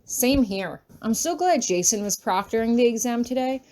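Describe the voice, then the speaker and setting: A woman's voice: on the high side, expressive, normal speed, close to an everyday voice. A woman voicing a bubbly, chatty teenage girl student in an audiobook reading. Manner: bright, chatty.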